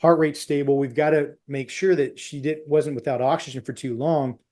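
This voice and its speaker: A middle-aged man recounting a hard night as a podcast guest, his voice sitting a bit higher than most men's. He talks in rushing, broken phrases and slips into the voices of the people he quotes. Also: fairly even intonation, warm tone. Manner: intense, tumbling retelling with quoted dialogue. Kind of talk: personal storytelling.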